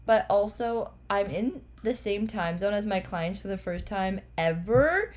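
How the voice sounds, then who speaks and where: A woman from Canada hosting a podcast in casual chat, her voice hoarse as she loses it, talking in an upbeat, chatty way. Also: medium pitch, darkish tone. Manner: chatty and upbeat, laughs easily. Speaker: podcast host.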